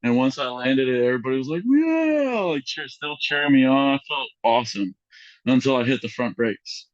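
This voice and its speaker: A young man of average pitch spins a long, rambling story in casual podcast chat. He acts out the lines of other people, so his pitch shoots way up. The sound is close and dry, with a slightly muffled top end. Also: fairly quick, no room sound. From Mexican heritage. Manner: animated, acts out quotes with big voice jumps, lots of fillers. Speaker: podcast guest.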